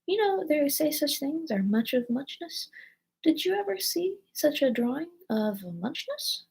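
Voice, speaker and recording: A woman voicing a sleepy, feeble male dormouse in a storybook, with a hoarse whispered voice and a drowsy, sulky manner. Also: high voice, sing-song, unhurried, a little mellow, pitched above the performer's own voice, exaggerated voice. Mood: storytelling.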